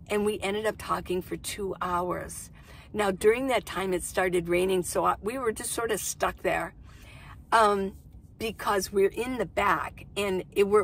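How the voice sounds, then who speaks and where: A woman's voice: medium pitch, fairly bright tone, a little hiss or hum. A woman in her sixties, a van-life vlogger, casually telling a story to camera in a chatty, rambling way, acting out what people said. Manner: chatty, rambling, acts out quoted dialogue.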